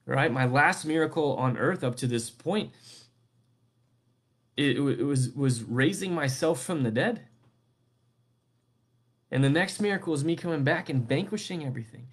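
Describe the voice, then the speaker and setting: A man's voice: fairly high pitch, lively intonation, a little slow, pauses often. Casual young preacher man. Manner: conversational, keeps asking "right?". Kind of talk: casual sermon.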